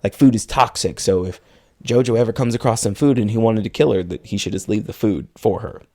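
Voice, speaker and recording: Retelling a film's plot in relaxed conversation, this male podcast co-host quotes the characters as he goes. His voice is on the low side and dark in tone, and he talks a little fast.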